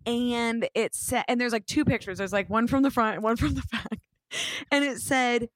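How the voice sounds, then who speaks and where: A woman in her thirties casually telling an animated story, swearing now and then and acting out what people said. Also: on the high side, normal speed, no room sound, clean studio sound.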